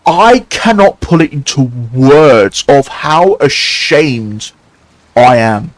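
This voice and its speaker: Ranting furiously on a live stream, a man swears constantly and stumbles over himself with repeated restarts in a heated, halting manner. His medium-pitched voice is expressive, and the recording quality is poor.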